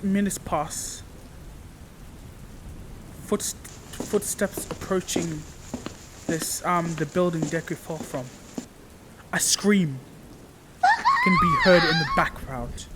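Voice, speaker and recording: A man narrating an improvised fan story in a casual, halting way, often repeating his phrases. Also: high-pitched, poor audio.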